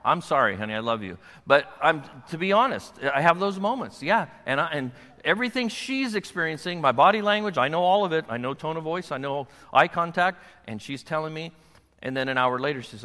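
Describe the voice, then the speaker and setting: An older man, a pastor, preaching a sermon to his congregation, animated and acting out the voices of his kids and wife. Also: fairly high pitch, brisk, in a large hall. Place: church sanctuary.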